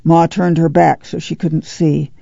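Gravelly mellow audiobook narrator. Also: mid-range voice, flat delivery, no room sound, dull audio. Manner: measured storytelling. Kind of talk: scripted narration.

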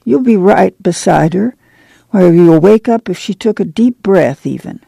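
A man putting on a stout, kindly country woman, homespun and gravelly, in a mellow higher voice. Audiobook reading, dry and close. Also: expressive, a little slow, no room sound, full character voice. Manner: homespun rural speech.

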